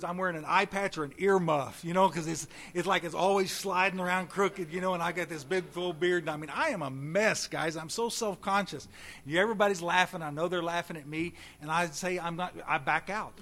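A man telling his recovery story at a meeting, folksy and animated, talking straight to the audience. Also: high voice. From Texas. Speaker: recovery speaker.

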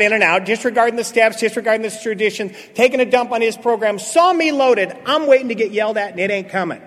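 A man gives his personal recovery testimony to a meeting in a high, lively voice. He tells it like a storyteller, acting out what people said and dropping from loud to hushed. A long reverb trails his words through the hall. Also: quick pace, few pauses. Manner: animated storyteller, acts out quotes, swings from loud to hushed.

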